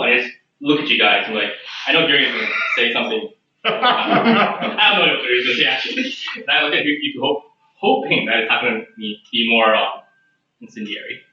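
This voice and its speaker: A man's voice: medium pitch, expressive, a little fast, sharp tone, slight background noise. A man playing a tabletop game, talking in a hesitant, restarting way. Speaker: player. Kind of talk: tabletop role-play. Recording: echoey, distant, dull room recording.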